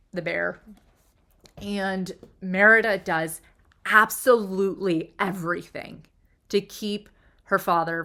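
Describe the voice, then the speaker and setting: A woman hosting a video, talking casually and emotionally through a film's plot, with her voice rising sharply when she gets excited and dropping into whispered asides. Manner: chatty and emotional, pitch jumps up when excited. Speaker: video host analyzing film characters. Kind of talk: casual analytical monologue.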